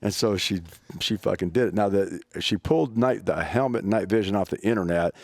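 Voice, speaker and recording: Middle-aged man, very low voice, profane and rambling, with a tight, dry sound. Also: brisk, vocal fry, darkish tone, no echo. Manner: profane, rambling, laughs often. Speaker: guest, firearms trainer. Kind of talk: casual storytelling chat. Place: event venue interview.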